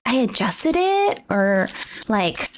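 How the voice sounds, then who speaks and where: Gushing, excitable woman streamer. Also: a little high, slow, slight background noise. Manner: gushing, excitable, exclaims often. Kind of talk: casual livestream chat.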